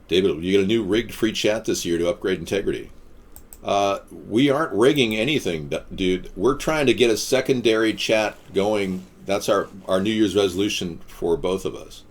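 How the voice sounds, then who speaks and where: A man hosting a casual live stream, answering viewer comments in a rambling, deadpan-joking way with quips and rants. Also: on the low side, normal speed. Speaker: livestream host.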